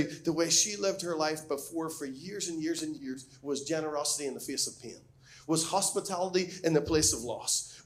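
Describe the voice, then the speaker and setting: High-voiced man preaching a sermon. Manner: earnest, emphatic preaching with rising questions. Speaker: pastor.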